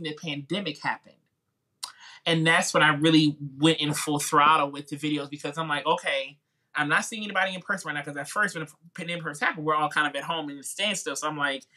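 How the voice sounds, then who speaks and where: A man's voice: on the high side, a little fast, pushed and bright. A man with a Midwestern twang, a music YouTuber chatting informally as a podcast guest and telling his story with lots of "like" and "you know". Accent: Midwestern American. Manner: chatty, informal, acts out quoted voices. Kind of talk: casual interview storytelling.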